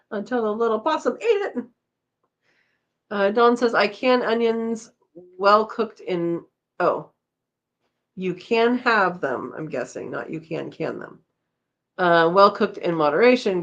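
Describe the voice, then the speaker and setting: A tired woman hosting a casual live chat, reading out viewer comments and chatting back with a laugh. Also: fairly low pitch. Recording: slightly dull lo-fi audio.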